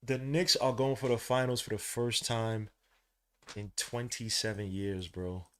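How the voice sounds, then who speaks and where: A man, hosting a fan podcast and calling a live game, swinging from low muttering to loud shouting, full of slang. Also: fairly even intonation, measured pace. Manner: heavy slang, calls out plays between asides. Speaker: podcast host. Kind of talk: live fan watch-along commentary.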